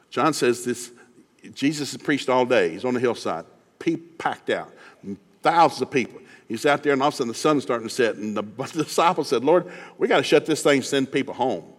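A man from East Tennessee with a Southern accent, preaching a sermon in a folksy, animated storytelling way, acting out Bible characters with shouted lines. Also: mid-range voice. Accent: Southern American. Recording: long hall reverb.

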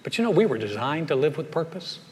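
A man preaches in a church sanctuary, spinning homespun stories into lessons. His voice sits a little high, and he leans hard into the punchlines. A long reverb hangs behind every phrase. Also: fast talker, a little hiss or hum. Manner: folksy storytelling, animated punchlines. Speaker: pastor. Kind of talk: sermon.

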